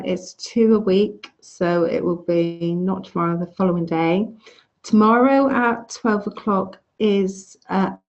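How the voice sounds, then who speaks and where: Woman course teacher, frank casual lecturer, dark warm tone, lo-fi call sound. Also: mid-range voice. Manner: chatty, frank, restarts phrases. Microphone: video call. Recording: dull lo-fi video call audio.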